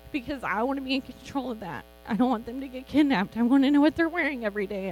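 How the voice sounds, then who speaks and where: A middle-aged woman giving an informal, chatty sermon as a Bible teacher, animated and quick to laugh. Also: high voice, a little hiss or hum, poor audio.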